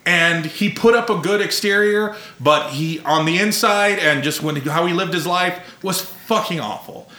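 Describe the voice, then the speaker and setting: A man's voice: sits high, unhurried, few pauses, bright, forceful tone. A man hosting a podcast, telling profane, self-mocking stories about his childhood and laughing often. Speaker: podcast host. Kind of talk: casual podcast chat. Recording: roomy echo.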